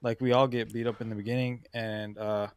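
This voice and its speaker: A man co-hosting a podcast, telling gym stories in casual chat, animated, swearing and acting out quotes. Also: lowish voice, fairly quick, clean tone, dry recording. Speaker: podcast co-host.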